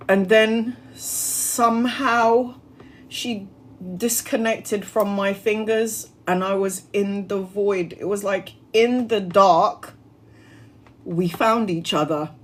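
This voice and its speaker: A woman's voice: medium pitch, slow, slight background noise. A woman tarot reader telling a personal story on a livestream in an earnest, heartfelt, spiritual way.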